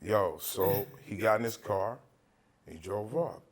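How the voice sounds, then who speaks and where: A man hosting a podcast, originally from Altadena in Southern California, speaks a little slowly in a lowish voice. His storytelling chat is loose and full of swearing, and he plays out the people he's talking about.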